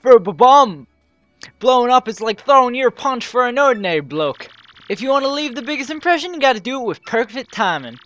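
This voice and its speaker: A woman voicing a cocky male sailor with a rough put-on accent she admits she can't manage. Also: a little high, sing-song, a little fast, a bit bright, dull audio, soft background music, pitched above the performer's own voice. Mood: boastful. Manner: attempted rough working-class accent she says she can't do.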